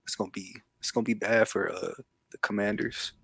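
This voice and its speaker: A man's voice: fairly low pitch, fairly even intonation, a little fast, vocal fry, pushed and bright, breathy edge, no room sound. A man co-hosting a casual sports picks chat, blunt and emphatic, swearing freely as he makes confident predictions. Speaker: co-host.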